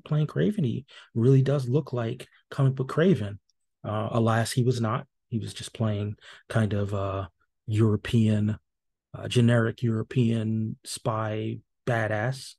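Dark-voiced man hosting a rambling podcast. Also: lowish voice, fairly even intonation, a little slow, gravelly, breathy edge. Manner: casual and rambling, many fillers and restarts; dry and wry. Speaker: podcast host. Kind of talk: solo podcast recap.

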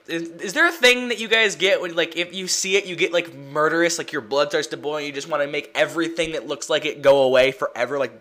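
A young man giving casual, rambling commentary while playing a video game, excitable and quick to swear. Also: fairly high pitch. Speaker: let's play gamer.

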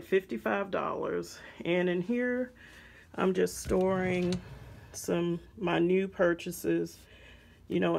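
On the low side and creaky, a woman's voice comes through with slight background noise as she shows off craft supplies from her home craft room. Her casual vlog chat is loaded with ums, and she calls her viewers "guys."

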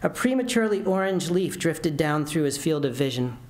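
A man's voice: on the high side, expressive, fairly quick, darkish tone. A man reading his own fiction aloud at a university, narrating steadily with occasional restarts. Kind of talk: literary reading. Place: university lecture room. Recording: roomy lecture hall.

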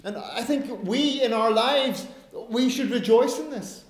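Emphatic preacher, echoey church. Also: male voice, very high voice, unhurried. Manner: emphatic, with self-aware asides. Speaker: pastor. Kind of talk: sermon. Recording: roomy church echo.

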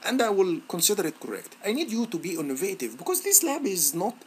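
A male instructor talking students through a software lab on screen, thinking aloud with repeated words and many fillers. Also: fast talker, slight background noise. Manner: lively, rising pitch on praise words. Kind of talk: screen-recorded software tutorial.

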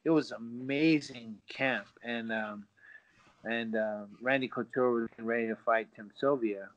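A man's voice: medium pitch, fairly even intonation, measured pace. A middle-aged man, a guest on a podcast, telling a story casually and animatedly, acting out quotes with lots of fillers. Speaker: guest, former pro fighter. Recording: dull lo-fi sound.

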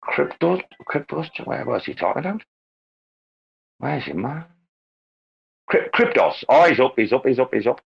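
A man hosting a crypto talk space, brash and excitable, swearing constantly in casual banter. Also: mid-range voice, normal speed, creaky, pauses often, slightly rough. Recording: lo-fi online call audio.

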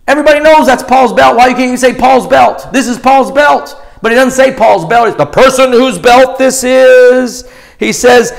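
A man teaching a classroom-style Bible session as pastor, animated and acting out scenes with sudden jumps in pitch and loudness. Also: gravelly. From United States.

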